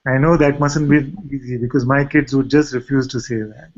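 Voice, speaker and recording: A man with an Indian accent speaks as a spiritual teacher, gentle and unhurried, often posing questions to his listeners. His pitch sits in the middle range. The recording is dull and lo-fi. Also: fairly even intonation. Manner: gentle, asks rhetorical questions. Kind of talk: satsang talk and video-call chat.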